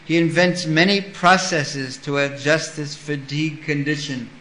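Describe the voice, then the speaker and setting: A man giving a sermon, reading a scripture passage and explaining it with lively stories. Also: fairly high pitch, a little slow, roomy sound, a little hiss or hum, rough recording. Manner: storytelling with acted-out voices. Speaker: spiritual teacher.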